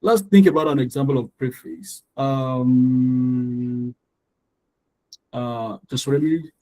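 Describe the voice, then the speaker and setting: A man's voice: medium pitch, takes it slowly, mellow, low-quality recording. A man teaching an English pronunciation lesson, drilling word stress and mixing in life advice, repeating words over and over. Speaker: English tutor.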